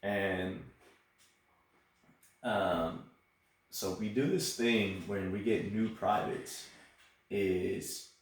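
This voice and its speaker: A young man, a soldier, telling a story casually and acting out the voices of the people in it. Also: on the low side. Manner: animated, acts out quoted voices. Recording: echoey room.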